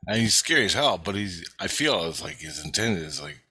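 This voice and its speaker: A man's voice: low voice, pushed and bright, slightly rough. A man casually recounting a vivid dream, swearing freely and using lots of fillers. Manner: profane, vivid, full of fillers. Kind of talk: casual spoken story.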